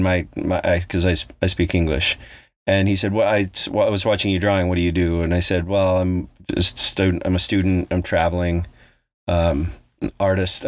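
A man's voice: low-pitched, dry recording. A man hosting a podcast, telling a travel story in a loose, rambling way with plenty of swearing. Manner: loose, profane, rambling with restarts. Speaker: podcast host. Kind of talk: casual storytelling.

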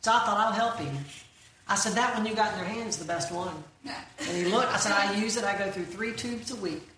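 A middle-aged Christian comedic speaker tells folksy jokes with punchlines and quizzes her church audience in a large hall. Her voice is mid-range, brisk, and fairly bright, picked up by a distant mic in a very echoey room with room noise.

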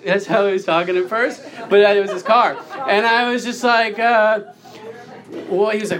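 A man's voice: moderate pace, fairly bright tone. A man in his thirties doing a stand-up comedy set, telling stories through laughter and squealing out the quoted lines. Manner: laughing storyteller, acts out quotes with sudden high squeals. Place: comedy club stage with live audience. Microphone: handheld microphone. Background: crowd laughing.

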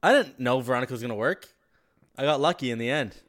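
Cocky bright-voiced man. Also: mid-range voice, fast talker. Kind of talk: casual banter.

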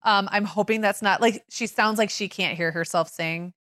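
A woman's voice: mid-range voice, moderate pace, fairly bright tone, dry recording, studio quality. A middle-aged woman co-hosting a podcast, chatting easily with fillers and laughter. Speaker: podcast co-host. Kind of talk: casual chat.

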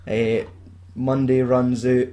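A man's voice: medium pitch, flat delivery, slow, warm tone. Scottish guy going through a movie plot, lots of swearing and laughing, does the lines. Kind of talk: casual chat retelling a film plot.

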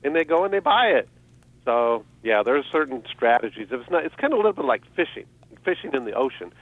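A man's voice: medium pitch, very animated, fast, no echo. A man giving selling tips as a guest on a radio show, upbeat and laughing often. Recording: dry, tinny phone line.

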